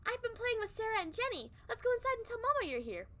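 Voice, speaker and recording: A woman voicing a sweet, excited eight-year-old girl in a chirpy, squeaky voice while reading a storybook. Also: quick pace, heavily acted.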